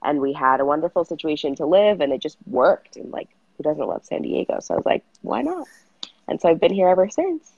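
A woman's voice: low-pitched, very animated, quick pace, hardly any pauses, a little mellow, no echo, dull audio. A woman in her late twenties from Southern California, chatting as an interview guest, bubbly, laughing often, saying "like" a lot. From San Fernando Valley, California. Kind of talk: casual interview chat.

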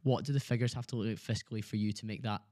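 A man hosting a podcast, asking quick probing questions and finishing his guest's thoughts. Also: on the low side, steady tone, mellow. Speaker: podcast host. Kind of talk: conversational interview questions.

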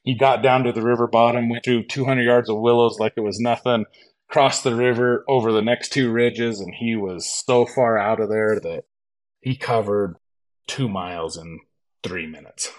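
A man telling a hunting story as a podcast guest, animated and acting out the lines of others. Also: medium pitch, moderate pace. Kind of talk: storytelling in a casual interview.

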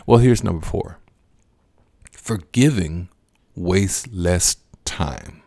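A man preaching a sermon, addressing listeners as friends and repeating key lines slowly for emphasis. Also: low voice, creaky, mellow, no room sound, studio quality.

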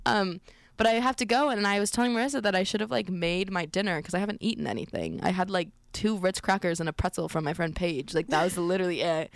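A young woman co-hosts a laid-back on-air chat, talking fast and loose with plenty of slang and frequent laughter. She is recorded close up on a dry mic with no room sound. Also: fairly low pitch, creaky, no echo. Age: young adult. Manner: chatty, laughs often, slangy. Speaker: co-host. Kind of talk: casual chat. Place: studio on air.

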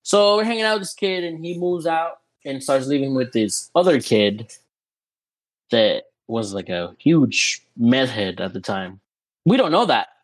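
A young adult man, a podcast guest, telling a story in a casual, animated way, full of "you know" and "dude". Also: mid-range voice, measured pace, poor audio.

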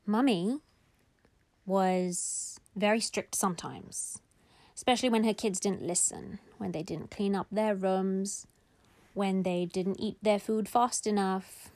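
A woman reading a children's bedtime story aloud, slow and gentle, putting on small voices for the characters. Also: medium pitch, no room sound.

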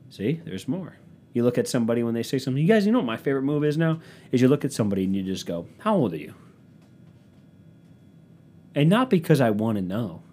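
A young man rambling through a sarcastic comedic monologue at home, swinging between loud bursts and low mutters. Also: breathy edge.

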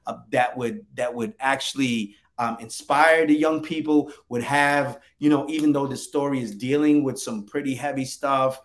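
A man's voice: mid-range voice, fairly even intonation, moderate pace, hardly any pauses. A man talking casually and emphatically about his graphic novel, with lots of slang and fillers. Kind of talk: casual interview chat.

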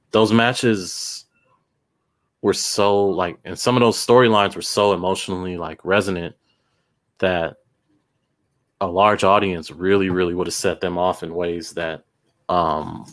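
A man with a very deep, low voice, co-hosting a relaxed wrestling chat. He talks things through thoughtfully, pausing on fillers and restarting his sentences. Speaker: podcast co-host. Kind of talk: casual chat about wrestling.

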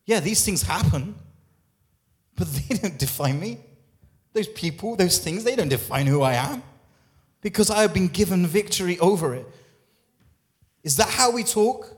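A man's voice: sits high, animated, normal speed, long pauses. A man preaching a sermon as lead pastor, emphatic, repeating phrases and asking the congregation questions. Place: church.

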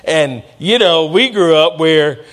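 A man preaching a sermon in a relaxed, talky way, voice pitched a bit above most men's. He keeps calling out to the congregation for a response and acts out the people in his stories. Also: slow. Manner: conversational preaching with call-and-response asides. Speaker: pastor.

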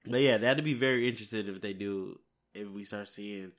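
A man's voice: fairly low pitch, brisk. A man hosting a casual solo podcast from home late at night, rambling and sounding tired. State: hiccups. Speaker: podcast host.

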